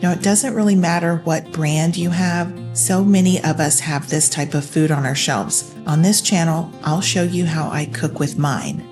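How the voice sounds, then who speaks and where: A woman's voice: sits low, steady tone, moderate pace, few pauses. A woman, hosting a recipe tutorial in a friendly, upbeat instructional manner. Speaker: cooking channel host. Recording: faint music behind.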